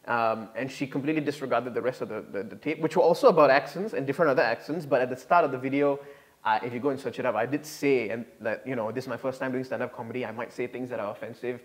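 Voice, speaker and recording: A man's voice: mid-range voice, quick pace. A young man from Singapore, earnestly explaining himself as an interview guest with many restarts. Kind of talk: interview answers.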